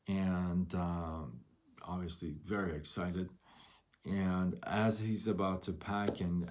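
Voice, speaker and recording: A man's voice: deep voice, darkish tone. A man hosting a live motivational talk, telling a story and asking rhetorical questions. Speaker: host.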